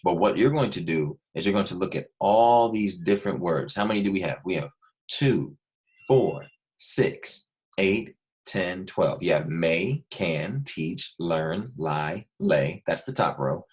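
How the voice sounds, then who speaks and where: A man teaching a recorded lesson to young students, explaining patiently and repeating key points slowly. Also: low voice.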